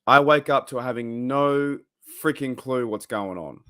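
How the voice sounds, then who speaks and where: A man's voice: mid-range voice, a little slow, pushed and bright. A young Australian man hosting a casual livestream, chatting loosely and reading out viewers' messages. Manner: rambling, reads chat aloud, loose and chatty. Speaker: livestream host.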